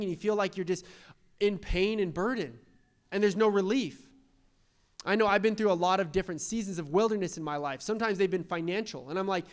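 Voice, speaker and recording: A young adult man preaching a sermon as pastor, animated, repeating rhetorical questions and acting out quoted voices. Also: high-pitched.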